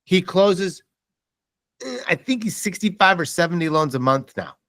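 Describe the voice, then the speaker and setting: Animated male sales trainer, dry sound. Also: high-pitched, normal speed, no room sound. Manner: animated storytelling with quoted dialogue. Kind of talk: motivational seminar talk.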